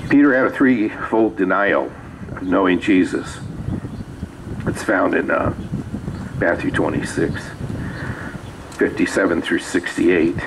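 Preacher guy, real low voice, chatty storytelling sermon, bit of faint noise behind. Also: takes it slowly, long pauses. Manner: conversational storytelling with asides. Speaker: pastor. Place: small rural church.

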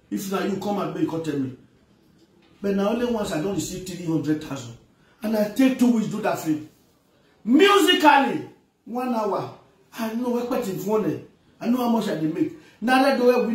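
A man with an Edo-flavoured Nigerian Pidgin accent, an actor ranting emphatically and pleading, his voice rising to shouts. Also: high voice, very echoey, far from the mic, poor audio. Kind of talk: impassioned rant.

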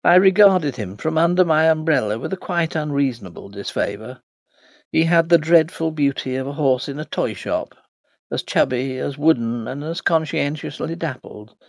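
A man reading a novel aloud as an audiobook narrator, in a measured, dry storytelling delivery. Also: mid-range voice, no echo.

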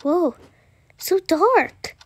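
A woman voicing Fluttershy, a timid gentle young female pony, talking through a video game and gasping at every fright. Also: very high voice, sing-song, extremely slow, over loud music, heavily acted. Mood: nervous. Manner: easily frightened, gasps and soft exclamations. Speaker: gamer. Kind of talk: playing a video game in character. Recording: constant background noise.

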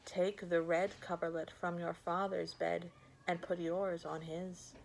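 A woman voicing magic talking bones in a fairy tale, speaking in a quiet, hushed way. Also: on the low side, little pitch movement, measured pace, creaky, a little hiss or hum, poor audio. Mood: advising.

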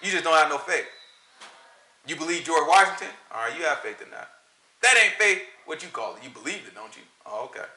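Southern man, bright high voice, lively Bible teacher, echoey room. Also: a little fast. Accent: US Southern country. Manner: animated, rhetorical questions, frequent laughter. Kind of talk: informal Sabbath teaching.

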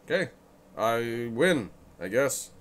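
Man reading game text with deadpan jokes. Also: medium pitch, slow pace. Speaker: gamer playing and reading dialogue. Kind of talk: let's play commentary reading game text aloud.

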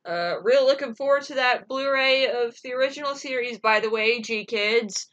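Bright-voiced gushing woman vlogger. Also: a little high, moderate pace, muffled recording. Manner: gushing, emotional, swears freely, full of fillers. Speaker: animation vlogger. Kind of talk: casual rambling reaction vlog.

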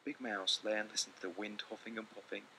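A man reading a children's picture book aloud with lots of expression, often dropping into hushed whispers. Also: on the low side, level tone, a little fast, creaky, a little hiss or hum, low-quality recording. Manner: theatrical, slipping into hushed whispers. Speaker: storyteller.

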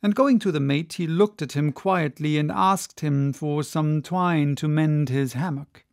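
An audiobook reader narrating a classic sea story with measured, dramatic storytelling. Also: mid-range voice, vocal fry, a little mellow, no echo, clean studio sound. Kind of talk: audiobook reading.

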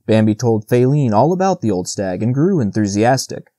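A man narrating a classic children's novel as an audiobook in a steady, measured reading. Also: medium pitch, dry recording, clean studio sound. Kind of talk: scripted narration.

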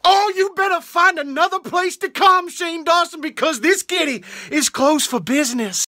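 A woman's voice: extremely high pitch, normal speed, pushed and bright, no room sound, clean studio sound. A woman voicing a jilted, indignant pet cat in a comedy sketch, scolding and sarcastic.

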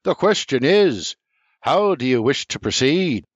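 A man's voice: medium pitch, sing-song, a little slow, no room sound. An older man reading an audiobook voices a pompous father with a lofty, lecturing manner. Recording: dry, slightly muffled recording.

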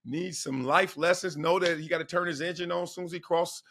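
A middle-aged man hosting his own show, hoarse from yelling and telling stories in a slangy, animated way with frequent laughs. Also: on the high side, a little fast, no echo, clean studio sound. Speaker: show host. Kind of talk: casual solo vlog chat.

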